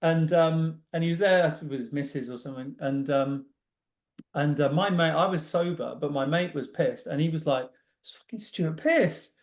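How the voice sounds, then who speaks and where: A man's voice: fairly high pitch, moderate pace. A man hosting a podcast, chatting casually and telling stories with laughs. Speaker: podcast host. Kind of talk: casual interview chat.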